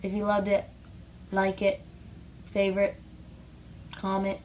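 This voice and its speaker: A woman's voice: mid-range voice, monotone, a little slow, darkish tone, a little hiss or hum. A teenage girl ranting bluntly to camera in a casual vlog, rambling with lots of "like". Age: teens. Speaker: vlogger.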